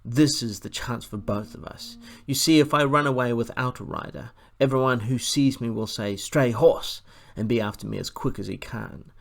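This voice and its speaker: A man reading aloud and voicing a proud, commanding male war horse, speaking slowly and sternly. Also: medium pitch, vocal fry, close to an everyday voice. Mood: persuasive. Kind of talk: audiobook character voice.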